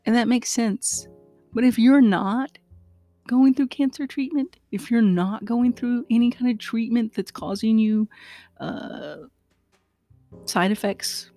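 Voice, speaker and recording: A woman's voice: fairly high pitch, slow pace, mellow, no echo, faint music behind. A woman hosting a casual solo podcast, talking earnestly and outspokenly with fillers and asides to her listeners. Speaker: podcast host.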